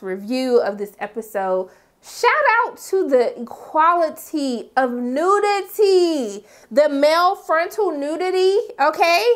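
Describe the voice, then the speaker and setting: Young woman vlogger, high voice, lively recap host who swings between loud squeals and muttered asides. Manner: animated, jumping between high exclamations and low asides. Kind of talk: casual TV recap vlog.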